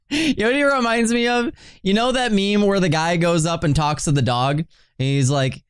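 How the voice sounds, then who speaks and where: A man streaming video games and chatting casually, excitable, laughing often and swearing as he reacts. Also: fairly high pitch, normal speed, clear, resonant tone, no room sound, clean studio sound. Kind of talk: casual livestream chat.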